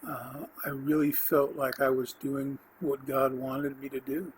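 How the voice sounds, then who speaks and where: A man hosting a podcast, telling his personal faith testimony in an earnest, rambling way, with restarts and the odd throat clearing. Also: mid-range voice, level tone, a little slow, slight background noise, rough recording. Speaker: podcast host.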